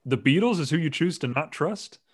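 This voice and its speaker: A man's voice: fairly high pitch, animated, a little fast, husky. A man hosting a casual podcast chat, rambling and joking, often laughing mid-sentence. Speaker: podcast host.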